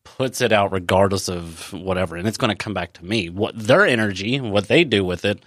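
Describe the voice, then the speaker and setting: Reflective man with a lowish voice. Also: fairly quick, fairly bright tone, no room sound, clean studio sound. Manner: reflective, rambling, self-correcting. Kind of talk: casual conversational chat.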